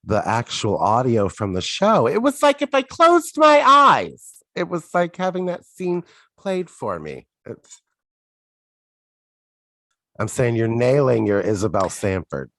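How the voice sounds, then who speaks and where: A man's voice: mid-range voice, wildly swooping pitch, measured pace, sharp tone, no echo. Man chiming in with wry questions. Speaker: podcast co-host. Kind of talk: casual podcast chat.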